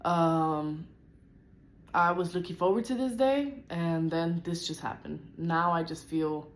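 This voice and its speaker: A woman's voice: lowish voice, slow pace. A young woman vlogging a frustrated personal rant, upset and close to tears, with lots of "like" in her talk. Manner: frustrated, venting, heavy use of "like".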